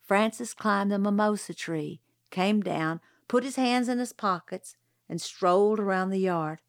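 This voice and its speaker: A woman narrating a first-person story as an audiobook reader, even and unhurried. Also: mid-range voice, no echo, clean studio sound.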